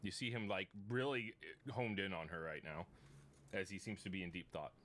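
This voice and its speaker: A man's voice: low-pitched, moderate pace, a bit bright, a little hiss or hum. A man narrating a tabletop game as game master, loose and casual, often laughing.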